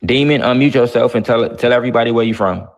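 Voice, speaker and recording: Brash, gravelly-voiced male show host. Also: medium pitch, fast. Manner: brash, profane, mocking. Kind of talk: heated live-stream talk show.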